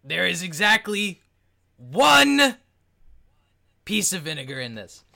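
A game master voicing an angry, boastful male chef who shouts and sounds offended. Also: medium pitch, animated, fairly quick, creaky, voice pushed up, full character voice. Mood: indignant. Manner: shouting, indignant.

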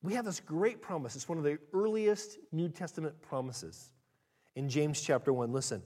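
A pastor preaching a conversational, animated sermon that swings between loud emphasis and soft asides. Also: male voice, a little high, moderate pace, breathy edge.

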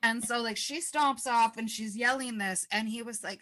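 Bright-voiced wry woman storyteller. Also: fairly high pitch, moderate pace, few pauses. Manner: laid-back, wry, swears freely. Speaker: podcast co-host. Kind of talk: casual storytelling chat.

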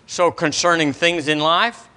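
At a church service, a pastor preaches an animated sermon, quizzing the congregation with questions. His voice is a little high, smooth, and a little slow.

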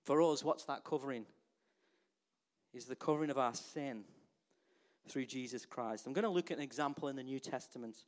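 A man preaching a sermon to his church in a lively way, often asking the congregation rhetorical questions. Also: mid-range voice, fairly quick, pauses often. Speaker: pastor.

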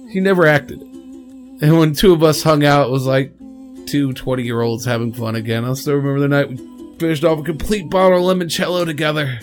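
A man hosting a podcast, giving a halting, emotional spoken tribute while fighting back tears. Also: fairly high pitch, fairly even intonation, faint music behind. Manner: halting, rambling, with restarts. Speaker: podcast host.

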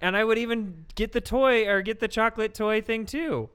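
A man's voice: high-pitched, moderate pace, a bit bright, clear, resonant tone. A man co-hosting a podcast, chatting casually and playfully, riffing on reviews with jokes. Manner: playful, jokey, riffs in silly voices. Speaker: podcast co-host. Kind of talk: casual comedic chat.

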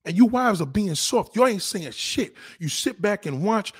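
Husky, animated man ranting bluntly. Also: sits high, normal speed, few pauses, dry recording, studio quality. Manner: blunt, crude and heated, addressing viewers directly. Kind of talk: profane relationship rant.

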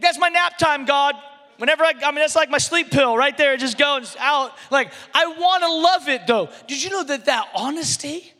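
High bright-voiced guy in his 30s preaching, animated and chatty, lots of restarts, long hall echo. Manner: animated, conversational, frequent restarts and fillers, acts out quotes. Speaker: pastor. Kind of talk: sermon.

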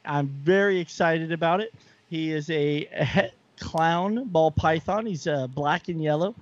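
A man's voice: fairly high pitch, unhurried, no room sound, lo-fi sound. A man co-hosting a podcast in casual chat, enthusiastic and rambling with lots of fillers. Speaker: podcast co-host.

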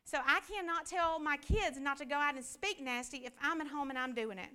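A woman's voice: sits high, fairly quick, bright, forceful tone. A woman teaching a church Bible class, preaching conversationally with many rhetorical questions.

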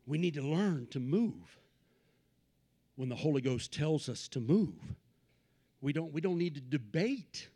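A man preaching a Pentecostal sermon, swinging from low asides to shouted peaks and repeating phrases in a rhythmic build. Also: animated, a little slow, pauses often. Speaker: pastor.

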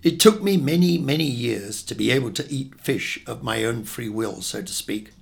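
A man's voice: mid-range voice, animated, normal speed, creaky, breathy edge. An older man from England reading his childhood memoir in a wry, reflective way. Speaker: narrator.

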